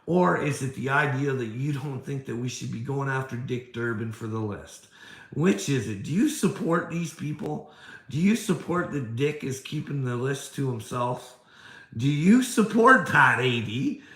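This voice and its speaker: In an echoey room, a man's mid-range, vocal-fried voice delivers a confrontational rant. As a video creator going after a critic, he fires off rhetorical questions combatively. Swearing is frequent, and "bud" and "you know what I mean" keep recurring.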